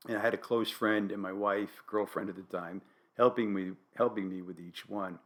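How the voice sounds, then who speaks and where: An older man from New Haven, Connecticut, with a New England accent, hosting a solo podcast with dry, wry, deadpan humor. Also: fairly low pitch, normal speed. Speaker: podcast host.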